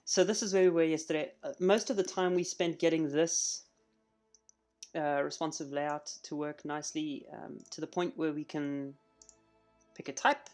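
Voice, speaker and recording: Man, live coding stream, casual walkthrough, talks through his steps, faint music underneath. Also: fairly high pitch. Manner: chatty, thinks out loud while working.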